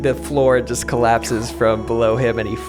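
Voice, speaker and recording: A man co-hosting a podcast, telling an improvised comedy story with animated voices. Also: medium pitch, moderate pace, loud music behind the voice. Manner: animated, jumps into loud voices for characters. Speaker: podcast co-host.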